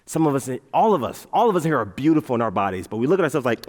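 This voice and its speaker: A man giving a playful, animated motivational talk on a large auditorium stage, leading the crowd in chants. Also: medium pitch, rapid-fire. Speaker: motivational speaker. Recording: reverberant hall.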